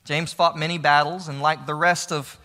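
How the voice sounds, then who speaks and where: A man giving a historical storytelling talk, with dramatic, emphatic delivery that drops to a hush. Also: fairly high pitch, level tone, normal speed. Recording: long reverb of a large hall.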